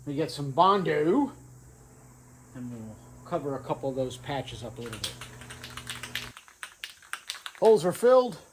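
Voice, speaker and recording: A man's voice: on the high side, a little hiss or hum, rough recording. A man casually narrating his truck build in a home garage, offhand and thinking aloud with fillers. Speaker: garage vlogger.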